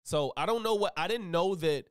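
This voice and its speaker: A man's voice: high voice, expressive, normal speed, clean tone, no echo, studio quality. A man hosting a live stream, chatting loosely and profanely in a rambling way. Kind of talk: casual live-stream reaction chat.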